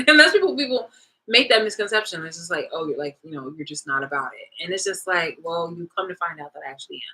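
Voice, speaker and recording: A woman's voice: slightly rough, poor audio. Blunt, profane woman ranting. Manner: profane, blunt, swings between loud and low; laughs often mid-rant. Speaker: vlogger. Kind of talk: casual rant to camera.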